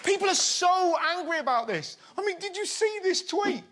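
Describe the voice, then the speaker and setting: A man hosting a TV comedy show, with an animated, mocking comic delivery in a studio with a live audience. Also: very high-pitched, normal speed, heavy background noise. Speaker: host. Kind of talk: stand-up comedy monologue and kids' interview. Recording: loud studio audience and music.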